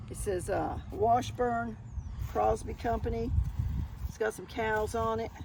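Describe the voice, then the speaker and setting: An older Southern woman with a gravelly, creaky edge to her voice talks viewers through her yard sale finds. She is chatty and folksy and keeps calling her audience y'all in a relaxed show-and-tell haul. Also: on the high side, background noise. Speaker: thrift haul vlogger.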